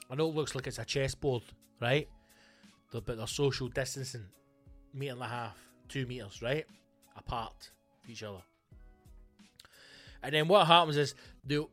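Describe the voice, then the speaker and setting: A man's voice: mid-range voice, fairly bright tone. A young man, hosting a podcast, ranting in a sardonic, sweary way and putting on voices to mock people. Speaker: podcast host. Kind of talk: profane rant.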